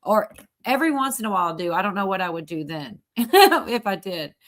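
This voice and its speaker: A woman's voice: medium pitch, sing-song, brisk, fairly bright tone. A woman with a mid-range voice hosts a casual livestream. She rambles through chat comments, laughs a lot and drops the odd casual curse. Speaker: livestream host.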